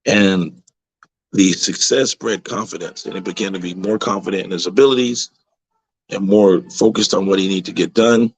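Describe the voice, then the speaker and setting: A man who coaches high school football, telling motivational stories in a radio interview with emphatic repeats. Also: vocal fry, breathy edge, no room sound, low-quality recording.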